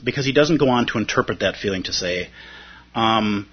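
A man with a medium-pitched voice speaking at normal speed leads a dharma talk on a poem, captured in a muffled lo-fi recording. He's reflective and conversational, often checking in with his audience by asking "right?"

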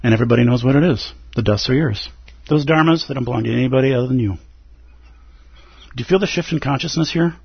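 A man's voice: mid-range voice, quick pace, vocal fry, breathy edge, lo-fi sound. A man giving a dharma talk as a meditation teacher, earnest and pleading, with playful asides.

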